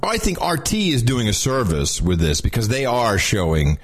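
A man's voice: medium pitch, huge pitch swings, normal speed, breathy edge. A man co-hosting a podcast, chatting casually and joking with lots of restarts. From Texas. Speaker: podcast co-host. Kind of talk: casual chat.

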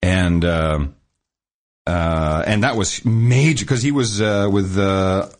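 Male podcast co-host, lowish voice, loose rambling talker who restarts sentences. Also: slow pace. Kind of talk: casual chat.

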